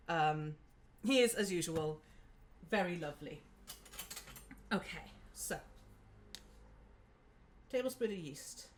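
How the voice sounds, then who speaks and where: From her home kitchen, a woman with a mid-range voice hosts a live cooking stream. She chats casually and giggles while walking through each step.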